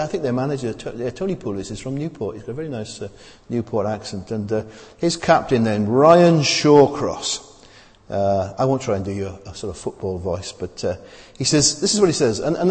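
A man preaches to a congregation in a relaxed, conversational way. He halts and restarts often and fills the gaps with "uh" and "um." His voice carries a long reverb from the church hall around him. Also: medium pitch. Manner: conversational, halting with many fillers and restarts. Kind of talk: sermon.

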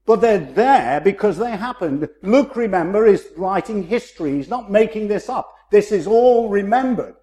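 A man preaching a sermon in a measured, emphatic way, slowing down to stress key phrases. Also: high-pitched, expressive, mellow.

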